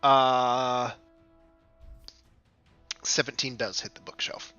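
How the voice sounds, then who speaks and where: A man running a tabletop game as game master, often laughing and pausing over rules calls. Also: mid-range voice, level tone, bright, forceful tone, muffled recording, faint music behind.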